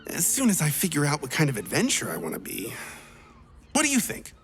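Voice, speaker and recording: A woman voicing an eager, clumsy young male would-be adventurer in a video game, who talks excitably, rambles and stumbles over his words. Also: low voice, fast, creaky, soft background music, exaggerated voice. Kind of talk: game character dialogue.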